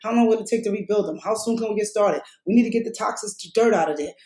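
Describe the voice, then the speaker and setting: A woman running for mayor, talking passionately in a fast, rhythmic way on a podcast interview. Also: mid-range voice, warm tone, reverberant, low-quality recording. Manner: passionate, rapid, rhythmic talk. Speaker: mayoral candidate.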